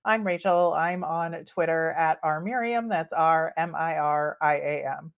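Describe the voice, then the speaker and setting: A young woman with a slightly low voice co-hosts a sports podcast. She talks in a loose, upbeat way and fills her sentences with "um" and "you know.". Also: a little slow, clear, resonant tone, muffled recording. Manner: chatty, upbeat, many fillers. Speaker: podcast co-host. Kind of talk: casual hockey podcast chat.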